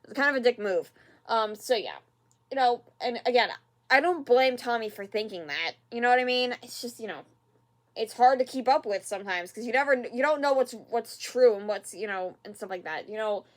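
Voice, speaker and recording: A person hosting a reaction video, talking casually and rambling with many fillers and repeats, sighing in exasperation at the show. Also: female voice, a little high, a little fast.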